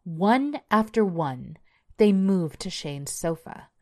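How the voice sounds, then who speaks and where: A woman narrating a horror story in a measured storytelling voice. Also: lowish voice, very animated.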